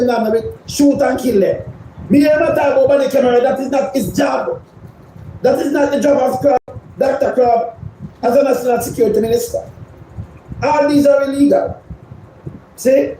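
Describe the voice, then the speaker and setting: A man's voice: very high-pitched, steady tone, moderate pace, pauses often, dark tone, a little hiss or hum. A Jamaican man giving a heated, rambling political rant as a commentator, repeating himself as he argues. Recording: very echoey room.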